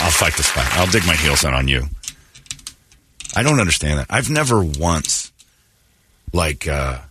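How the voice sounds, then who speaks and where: A man's voice: very deep voice, pushed and bright, a little hiss or hum. A man hosting a radio morning show, ranting sarcastically in a talk radio monologue.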